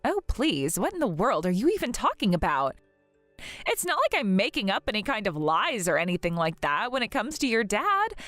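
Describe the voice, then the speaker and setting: A woman voicing a haughty, snobbish young woman in an animated story drama who talks in a mocking, sing-song way. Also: medium pitch, normal speed, no room sound, faint music behind. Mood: sneering. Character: haughty, snobbish rich young woman sneering at her sister-in-law.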